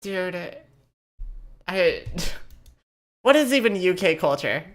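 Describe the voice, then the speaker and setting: A woman's voice: lowish voice, very animated, slow pace. A woman from the United States co-hosting a podcast in casual, profane, joking chat. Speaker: podcast co-host.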